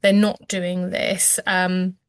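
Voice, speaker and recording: A woman's voice: lowish voice, little pitch movement, takes it slowly, clean tone, no room sound. A woman, a clinician explaining language development as an interview guest, hesitant with many ums and restarts. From England.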